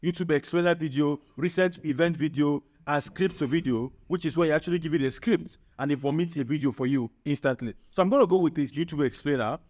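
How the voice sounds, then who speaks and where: A man presenting a screen-recorded software tutorial, upbeat and chatty, often checking in with the viewer. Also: on the high side, quick pace, hardly any pauses. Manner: upbeat, chatty, keeps asking "right?". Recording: muffled lo-fi sound.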